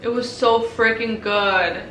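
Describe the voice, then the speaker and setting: A young woman chatting gushingly about books on her vlog, quick to laugh and sigh. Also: on the high side, steady tone, fairly bright tone. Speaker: book vlogger. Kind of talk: casual vlog chat. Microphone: compact camera. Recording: echoey room with faint noise.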